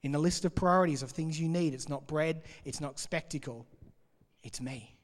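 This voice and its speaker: A man preaching in a big hall, his voice trailing off in a long reverb. He speaks a little higher than most men and keeps a lively, conversational style as he explains scripture. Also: moderate pace. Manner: conversational and animated, laughing between points. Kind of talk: sermon, reading and explaining scripture.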